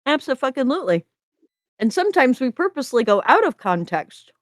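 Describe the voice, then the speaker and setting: A woman co-hosting a writing prompt stream who chats excitedly, giggles, talks with her mouth full and reads stories aloud. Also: high-pitched, brisk, dry recording, studio quality. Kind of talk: casual chat and reading stories aloud.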